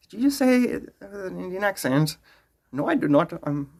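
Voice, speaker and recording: Male live streamer, jokey and rambling, with a lively, swinging pitch, chatting into a phone. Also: moderate pace, vocal fry, slightly rough. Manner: rambling, jokey, drops into silly voices. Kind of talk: casual live-stream chat.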